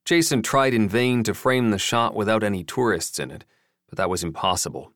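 Low-voiced man narrating wryly. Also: a bit bright, no echo, clean studio sound. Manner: wry, measured storytelling. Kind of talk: scripted narration.

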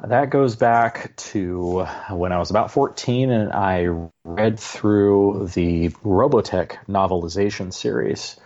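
A man in his forties with a very low voice, speaking modestly and haltingly as an interview guest. His audio comes through dull and lo-fi. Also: a little mellow. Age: 40s. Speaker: author guest. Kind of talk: casual interview chat. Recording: dull lo-fi sound.

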